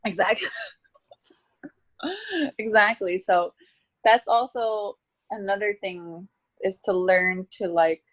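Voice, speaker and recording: A woman's voice: mid-range voice, steady tone, takes it slowly, pauses often. A woman in her twenties, talking casually as an interview guest and saying "like" often. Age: 20s. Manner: chatty, heavy use of "like".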